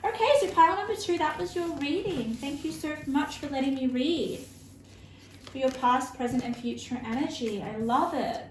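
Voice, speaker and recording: A woman giving an intuitive tarot reading to her viewers, earnest and emotional, halting often with fillers and restarts. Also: high voice. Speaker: tarot reader. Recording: roomy with faint background hiss.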